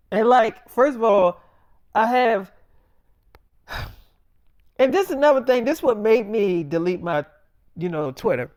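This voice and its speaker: A man's voice: high-pitched, animated, takes it slowly, long pauses, darkish tone, no echo, clean studio sound. A man telling a casual, rambling story, swearing a lot and acting out both sides of an argument. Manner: rambling, profane, quotes people back and forth. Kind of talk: casual spoken story, freestyle.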